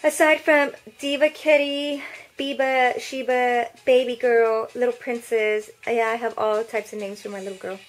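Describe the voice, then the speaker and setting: A woman's voice: on the high side, steady tone, moderate pace, faint music behind. A woman chatting casually to her viewers in a cutesy baby-talk way from her bedroom. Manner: bubbly and playful. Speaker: vlogger and martial arts student. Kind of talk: casual vlog chat.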